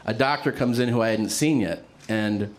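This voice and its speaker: A man's voice: lowish voice, normal speed. Man telling a story with laughs. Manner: laughing often, animated quoted voices, frequent fillers. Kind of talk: casual storytelling.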